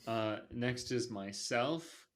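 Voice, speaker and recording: This podcast host speaks slowly at a medium pitch, chatting loosely about movies with plenty of filler words. His opinions on the films are blunt.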